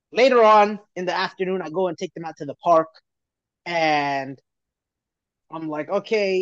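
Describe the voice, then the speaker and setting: A man's voice: a little high, no echo. A man co-hosting a podcast, telling a story in casual chat with lots of laughter and restarts. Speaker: podcast co-host. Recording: dry, slightly muffled lo-fi audio.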